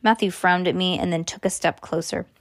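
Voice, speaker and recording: A woman narrates a first-person story in a steady, earnest tone. Her voice sits on the low side. The recording is close and completely dry. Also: brisk, no echo. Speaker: audiobook narrator.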